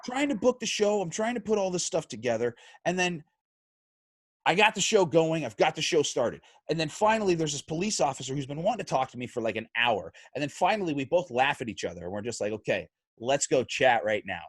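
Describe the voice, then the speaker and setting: A man's voice: on the high side, quick pace, no echo, clean studio sound. A man hosting a casual podcast, telling stories with lots of energy and cursing freely. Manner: lively, swears freely, acts out quotes. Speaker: podcast host. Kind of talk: casual chat, animated storytelling.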